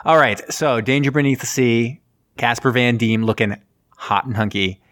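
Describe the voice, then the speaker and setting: A man's voice: medium pitch, moderate pace, a bit bright, no echo, studio quality. A man co-hosting a casual movie-review podcast, recapping scenes with jokes and acted-out quotes. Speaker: podcast co-host.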